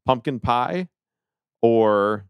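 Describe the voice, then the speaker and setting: A man's voice: mid-range voice, expressive, very slow, smooth, dry recording, dull audio. Podcast host, man, mid-range voice, quizmaster with lots of "uh"s, dry close sound. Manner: hesitant, many fillers, easily laughing. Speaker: podcast host running a trivia game. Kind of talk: casual podcast chat.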